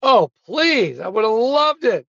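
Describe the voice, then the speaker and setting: A man's voice: very high voice, unhurried, creaky, no echo, highs cut off. A man telling funny anecdotes as an interview guest, acting out other people's lines and laughing at his own punchlines. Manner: animated storyteller who acts out quotes and laughs at his own punchlines. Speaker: guest, sportswriter and author. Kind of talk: casual storytelling interview.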